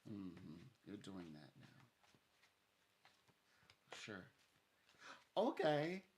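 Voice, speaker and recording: A man's voice: sits low, wildly swooping pitch, extremely slow, a little mellow, a little hiss or hum. A man chatting casually as a psychic reader, rambling, laughing often and acting out what others said. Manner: rambling, laughs often, acts out quoted speech. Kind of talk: casual chat with a client.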